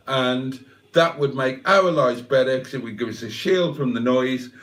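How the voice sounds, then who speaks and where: He's far from the mic, speaking in a mid-range voice. As the host of a casual livestream, the man tells a rambling, wry story peppered with jabs at himself.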